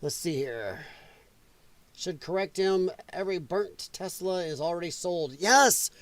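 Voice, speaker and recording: A man's voice: high-pitched, animated, unhurried, a bit bright, dry recording. A man hosting a livestream from home, ranting in casual political commentary and putting on mocking voices. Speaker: livestream host. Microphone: headset.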